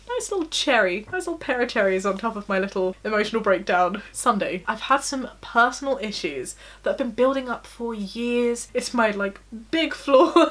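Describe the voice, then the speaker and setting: A woman's voice: fairly high pitch, a bit bright. A young woman vlogging in a casual, confessional chat, talking openly and laughing at herself. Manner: chatty, giggly, self-deprecating.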